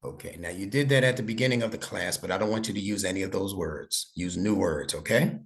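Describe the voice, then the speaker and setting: A man's voice: deep voice, fast talker. A middle-aged man giving a one-on-one online lesson to a child, patient and coaxing with playful teasing. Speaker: instructor.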